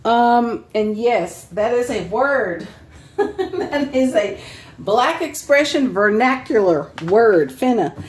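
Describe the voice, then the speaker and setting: A woman's voice: mid-range voice, a little mellow. A woman chatting casually at home as she browses old sheet music for sale, reading titles aloud and laughing often. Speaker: online craft seller. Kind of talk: casual show-and-tell sales vlog.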